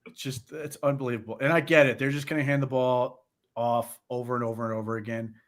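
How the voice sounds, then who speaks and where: Co-hosting a sports podcast, a man talks football in casual chat, animated and incredulous, often stammering into restarts. He has a medium-pitched voice and talks fast.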